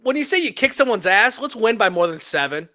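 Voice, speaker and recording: A man talks sports on a podcast in a high, bright voice that jumps up and down a lot. His delivery is emphatic and animated, with punchy asides. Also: a little fast. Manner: animated, emphatic rants with laughs. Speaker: podcast co-host. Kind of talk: casual sports chat.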